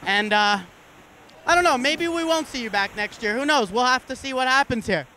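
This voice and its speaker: A man's voice: extremely high pitch, moderate pace, bright, forceful tone, slight background noise. A laid-back man interviewing a fan outdoors in a city, calling him buddy and bro. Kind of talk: casual comedic interview.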